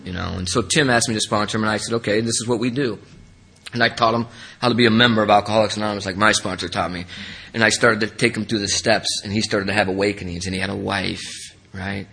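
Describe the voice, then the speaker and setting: A man giving an earnest, emotional personal testimony as a speaker at a recovery meeting. He rambles with many restarts and his voice drops low in the sad parts. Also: fairly even intonation, fast talker, vocal fry, sharp tone, slightly rough, low-quality recording.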